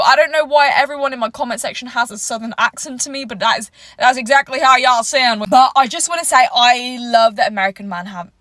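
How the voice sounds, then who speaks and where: Bright high-voiced woman, playful. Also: a little fast, few pauses, no echo, clean studio sound. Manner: playful, teasing, animated. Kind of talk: casual vlog to camera.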